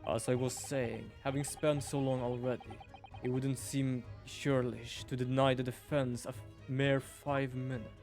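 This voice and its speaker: A man voicing a stern, aloof male prosecutor from a video game in a low, measured tone. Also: little pitch movement, darkish tone, soft background music, lightly acted. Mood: cold. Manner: cold, measured, formal.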